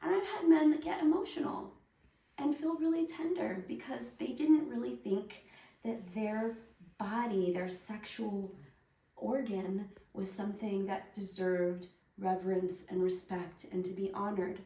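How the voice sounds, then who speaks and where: Woman instructor, unhurried soothing coaching, picked up from a distance on a far mic. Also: mid-range voice, fairly even intonation. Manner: soft, soothing, coaching encouragement. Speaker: workshop instructor. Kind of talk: guided hands-on instruction. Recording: roomy echo, distant mic, faint noise.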